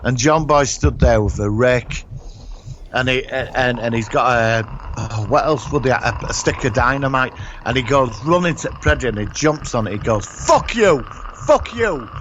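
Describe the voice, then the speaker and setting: A man's voice: medium pitch, normal speed, fairly bright tone, lo-fi sound. A man, co-hosting a casual podcast and telling a rambling comic story with lots of restarts. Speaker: podcast co-host. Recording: noisy home recording.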